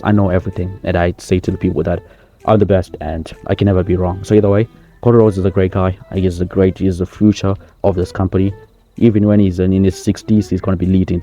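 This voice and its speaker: Man as a swaggering wrestler at a mock presser, deep and warm, rambling self-praise. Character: boastful male wrestling-star impression holding a press conference. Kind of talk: comedy sketch.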